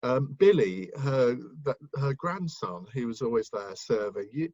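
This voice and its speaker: A man talks as a guest in a casual interview, his voice a little husky. He rambles, restarting sentences and filling gaps with ums. The recording is dry and somewhat dull and lo-fi. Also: mid-range voice, animated, a little slow, darkish tone, no room sound. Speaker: guest, broadcaster and author.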